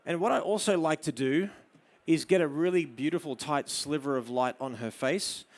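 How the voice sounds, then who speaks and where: Australian male presenter, fairly high voice, live photo demo, drops to soft murmurs when directing the model. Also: normal speed. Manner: coaxing a model with soft murmured praise between explanations. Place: studio demo before an audience.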